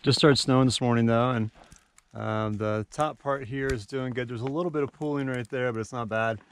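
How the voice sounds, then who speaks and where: A man casually narrating an outdoor camping vlog in the snow, relaxed and rambling, with plenty of fillers. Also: mid-range voice, a little fast, clean tone. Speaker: vlogger. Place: snowy backcountry camp outdoors.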